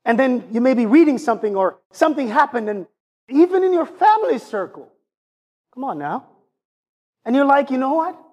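A man preaching a sermon in an animated, conversational way, often turning to ask his congregation questions. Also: very high-pitched, normal speed, long pauses, slightly rough.

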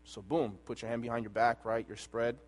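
Preaching a sermon, a man tells a personal story, his delivery swinging between loud and hushed. His voice is mid-range with a level tone and a brisk pace, and the recording carries a long hall reverb.

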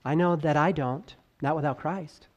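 A male pastor preaching a sermon, swinging from loud emphatic highs to hushed lows and drawing out key words slowly, with conversational asides and stammered restarts. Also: lo-fi sound.

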